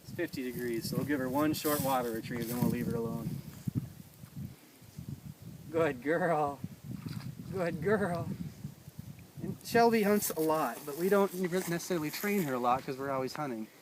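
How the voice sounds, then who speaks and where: A man working as a dog trainer, explaining an outdoor training session in a relaxed way and chatting to the dog. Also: mid-range voice, quick pace, few pauses. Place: outdoors in a field by water. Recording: distant outdoor mic with noise.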